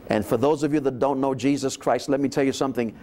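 A man hosts a faith program, echoing his guest and then turning to exhort viewers in a preacherly way. His voice is of medium pitch, and faint background noise runs under the recording. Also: quick pace, warm tone. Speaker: pastor host. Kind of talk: religious interview.

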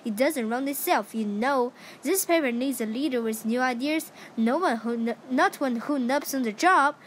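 A woman's voice: high voice, normal speed, a little hiss or hum, lightly acted. A woman voicing a bossy, impatient old male mouse grandfather who thunders and scolds in a storybook reading. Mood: scolding.

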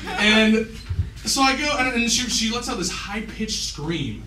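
Man, storyteller, live stage show, animated and laughing, higher-pitched voice, echoey bar room. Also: unhurried. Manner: animated, laughing through his own story. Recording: echoey room, mic far off, noisy.

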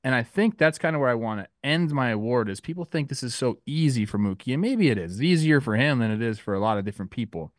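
Guy rambling on a podcast, middle-pitched voice, dead dry close mic, loose and chatty, keeps wandering into stories. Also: expressive, fast, hardly any pauses, no room sound. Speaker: podcast co-host and youth baseball coach. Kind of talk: casual sports podcast chat.

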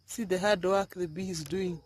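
A woman filming her vegetable garden outdoors, talking softly in a half-whisper as she narrates. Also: fairly low pitch, steady tone, normal speed, background noise. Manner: soft, half-whispered, coaxing. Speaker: gardening vlogger.

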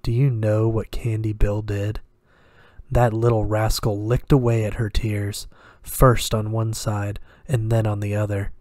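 A man voicing a sinister, teasing male devil who speaks quietly and slowly with a cruel, purring menace in a read horror story. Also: on the low side, little pitch movement, no echo, clean studio sound, lightly acted. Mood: gloating.

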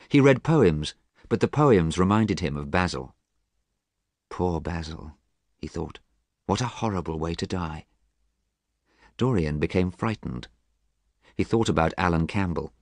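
Man, low voice, lively intonation, storybook narration, careful measured reading, dry close sound. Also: dry recording. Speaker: audiobook narrator.

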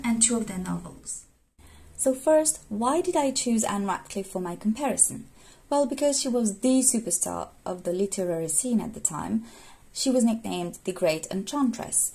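A woman's voice: mid-range voice, gravelly, warm tone, husky. A young woman with English as a second language presenting a scripted talk on literature, earnest and explanatory. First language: not English.

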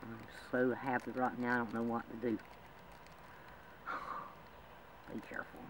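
A man's voice: mid-range voice, little pitch movement, slow pace. A man talking in a rambling, emotional way in a homemade drama, with frequent laughs. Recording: distant mic with loud background noise.

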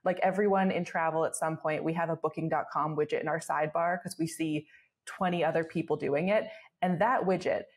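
Woman, twenties, podcast guest, lowish pitch, casual rambling storytelling. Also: steady tone. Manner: fast storytelling with many fillers and laughs. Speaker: guest, travel blogger. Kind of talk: casual interview chat.

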